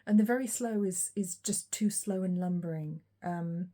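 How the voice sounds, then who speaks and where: A woman giving a collective tarot reading, talking in a reflective, unhurried way with frequent ums and pauses. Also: lowish voice, warm tone. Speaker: tarot reader.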